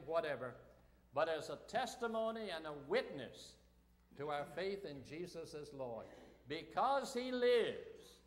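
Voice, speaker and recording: A man preaching an Easter sermon as pastor, slow and deliberate, rising to loud call-and-response shouts. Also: a little high. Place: church sanctuary. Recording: long reverb of a church sanctuary.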